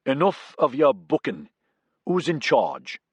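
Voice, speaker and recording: A level-headed young English private barking curt orders, as a narrator voices him. Pitched up and pushed louder than the narration, with a husky, dry sound. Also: male voice, sing-song, slow pace, no room sound, heavily acted. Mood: commanding. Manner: curt and commanding.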